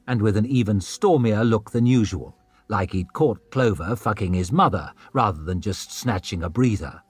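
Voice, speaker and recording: A man's voice: fairly low pitch, normal speed, few pauses, a little mellow, slightly rough, no echo, soft background music. A man narrating a fantasy audiobook in a dramatic storytelling manner. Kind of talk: scripted narration.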